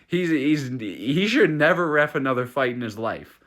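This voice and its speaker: A young man hosting a casual fight recap, talking in a profane, excitable rant with many restarts. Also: fairly high pitch, moderate pace. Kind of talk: casual solo recap vlog.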